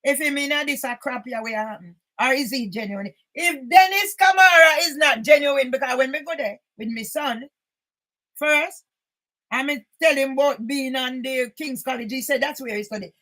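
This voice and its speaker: An older woman reads documents aloud and comments on them indignantly, often breaking into shouts. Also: high-pitched, moderate pace, poor audio. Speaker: channel host.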